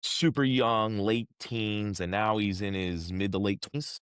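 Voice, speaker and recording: A man in his thirties, a combat sports inspector, telling stories in a casual interview with slangy, animated talk and frequent restarts. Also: on the low side, measured pace, clean tone, no echo, clean studio sound.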